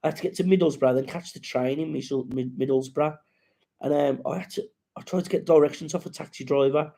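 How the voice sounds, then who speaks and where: Gravelly man chatting on a live stream. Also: fairly high pitch, steady tone, brisk, dark tone. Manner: rambling, sweary, reads out viewer comments and greets them. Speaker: comedian hosting a live chat. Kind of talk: casual live-stream chat.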